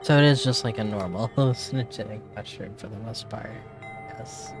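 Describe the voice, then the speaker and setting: A man's voice: fairly low pitch, a little fast, over music, close to an everyday voice. A man reading a nervous, rambling woman village mayor in a fantasy game, polite and fretful. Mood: flustered.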